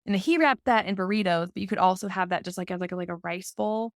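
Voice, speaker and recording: A young woman co-hosting a podcast, talking casually with lots of fillers and quick laughs. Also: medium pitch, no echo, studio quality. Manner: chatty, filler-heavy, laughs often. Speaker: podcast co-host. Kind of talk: casual chat.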